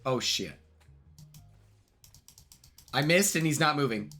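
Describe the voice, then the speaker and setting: A man live-streaming, chatting and gaming in an excitable, rambling way that repeats itself. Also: fairly high pitch, takes it slowly, soft background music.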